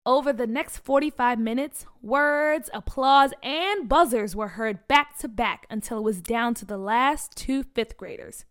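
A woman reading a children's story aloud in an expressive, animated way. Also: a little high, unhurried, hardly any pauses.

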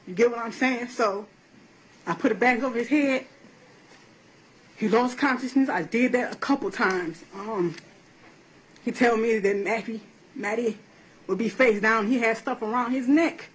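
A woman's voice: on the high side, a little slow, long pauses, low-quality recording. Woman, courtroom testimony, blunt, profane, emotional, faint background noise. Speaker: defendant in court.

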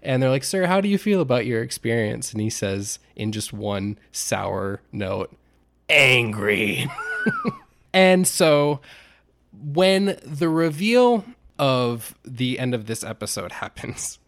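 A young adult man co-hosting a podcast, casually chatting and retelling scenes with lively acted-out quotes. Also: mid-range voice, a little slow. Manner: animated storyteller, acts out quotes with shouts. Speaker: podcast co-host.

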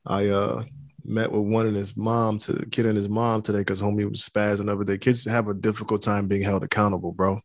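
A man's voice: fairly low pitch, fairly quick, no echo. A man, co-hosting a podcast and telling a story in casual chat, acting out quotes. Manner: animated storytelling, acts out quotes loudly. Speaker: podcast co-host.

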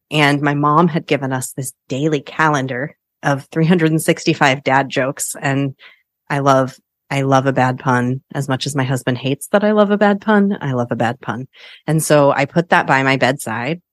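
A woman's voice: sits low, no room sound, studio quality. A woman hosting a solo podcast as a coach, talking in a chatty, upbeat way and laughing often.

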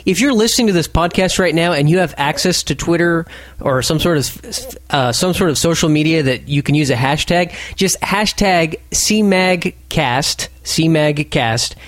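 A man's voice: on the high side, moderate pace, no echo. A man from Colorado hosting a podcast, teasing his co-hosts in casual chat. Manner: teasing, playful. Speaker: podcast host.

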